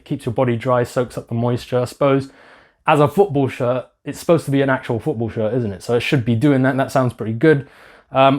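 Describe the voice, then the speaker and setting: A man giving a casual product review, hesitant, with many pauses and restarts and some self-deprecating asides. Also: mid-range voice. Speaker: YouTuber reviewing a football shirt.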